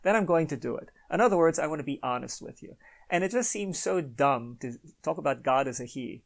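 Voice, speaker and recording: Gravelly opinionated man hosting a podcast. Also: mid-range voice. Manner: opinionated, rambling, chuckles often, apologetic asides. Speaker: podcast host. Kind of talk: unscripted solo podcast monologue.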